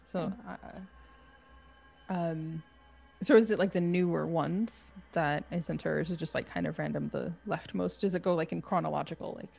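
A woman's voice: on the low side, steady tone, moderate pace, creaky, a little mellow, breathy edge, soft background music. A woman playing a tabletop game, asking questions and thinking aloud hesitantly. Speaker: player. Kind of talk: casual tabletop play.

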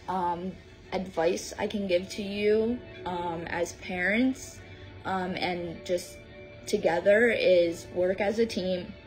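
A mother recording a video message with advice for new parents, hesitant and filling pauses with ums. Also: on the low side, poor audio. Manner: hesitant, many fillers.

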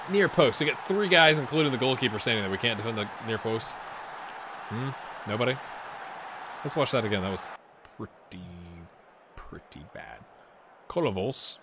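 A man's voice: medium pitch, bright, forceful tone, a little hiss or hum. A man hosting a let's-play video, chatting casually and joking to himself while he plays a football management game. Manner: chatty, self-mocking, jokes and muttered asides. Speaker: gaming channel host.

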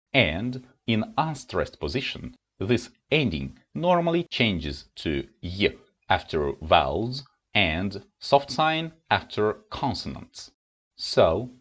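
Slow, careful Russian-accented male teacher. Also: lowish voice. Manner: slow, careful explanation with clearly pronounced example words. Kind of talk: grammar lesson.

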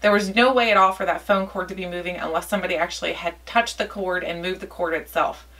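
A woman's voice: lowish voice, fast talker, recorded from a distance, poor audio. A woman vlogger telling a personal story in a casual, chatty way, acting out the dialogue as she goes. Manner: chatty, lively retelling with quoted dialogue.

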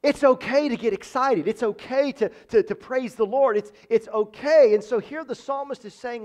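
A man with a strikingly high voice preaches a sermon as pastor. He talks emphatically, circling back to the same phrases to drive each point home. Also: normal speed, hardly any pauses, darkish tone. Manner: emphatic, repeats phrases for stress. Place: church.

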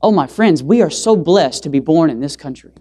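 A man delivers an impassioned sermon in a church setting. He keeps questioning his listeners, then answers himself, leaning hard on key words with sudden rises in pitch and loudness. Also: lively intonation, fairly quick, husky. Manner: emphatic, asks the audience rhetorical questions; swings pitch and loudness for emphasis. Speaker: evangelist preacher.

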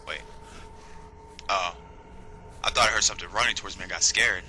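A man giving casual let's-play commentary on a game, joking, swearing and bursting into high shrieking voices. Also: fairly quick, pauses often, background noise. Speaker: gameplay commentator.

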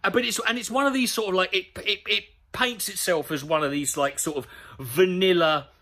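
A man's voice: high-pitched, brisk. A man giving a sweary, sarcastic comedic rant about a news story. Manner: sweary, sarcastic, animated ranting. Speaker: comedy commentator.

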